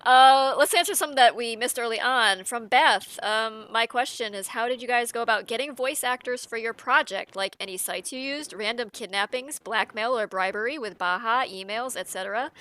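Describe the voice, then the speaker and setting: A woman co-hosting a casual voice-call chat, reading out questions and joking quickly with plenty of laughter. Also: fairly high pitch, pushed and bright.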